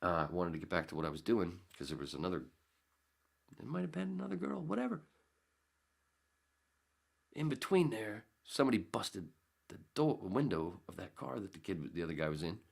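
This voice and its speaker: Very deep, gravelly-voiced man telling stories. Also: sing-song, fast talker. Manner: rambling, swears freely, acts out scenes in jumpy voices. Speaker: podcast host. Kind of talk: casual storytelling.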